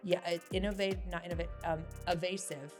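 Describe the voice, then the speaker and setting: A woman hosting a podcast in casual chat, candid and quick to laugh, swearing lightly as she goes. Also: on the low side, over music. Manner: candid, laughs often, says freaking a lot. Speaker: podcast host.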